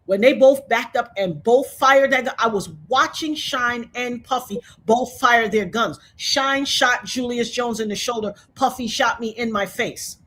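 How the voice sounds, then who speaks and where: A woman's voice: on the high side, a little slow, few pauses, a bit bright. A woman in her fifties, telling her story with fervent, preacher-like conviction as an interview guest. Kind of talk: emotional testimony in conversation.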